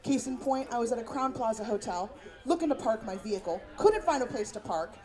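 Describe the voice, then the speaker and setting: A woman's voice: on the high side, lively intonation, brisk, dark tone. A woman from San Francisco doing a brash, profane stand-up set as a storytelling comedian. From San Francisco, USA. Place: comedy club stage. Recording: live club with audience.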